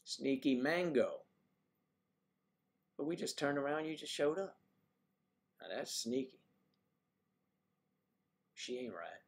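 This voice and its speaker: A man's voice: medium pitch, very animated, takes it slowly, gravelly, pauses often. An older man hosting a casual livestream, musing aloud and trading folksy sayings in a loose, rambling way. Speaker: livestream host.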